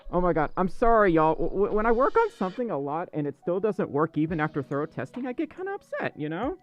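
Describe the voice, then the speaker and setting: A man's voice: high voice, sing-song, fast talker, muffled recording, faint music behind. A man hosting a casual livestream chat, flustered, stammering and apologetic. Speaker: livestream host. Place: dark room indoors.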